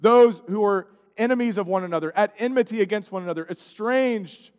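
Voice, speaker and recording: A male pastor preaching a sermon, swinging between loud emphatic lines and hushed, quiet passages. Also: high-pitched, brisk. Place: church sanctuary. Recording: church sanctuary with long reverb.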